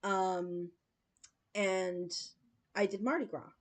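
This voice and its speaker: A woman's voice: medium pitch, fairly even intonation, takes it slowly. A woman in her late forties, chatting casually with her viewers as host of a livestream and telling stories with frequent laughs and fillers. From United States. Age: 40s. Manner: chatty storytelling, laughs often, many fillers.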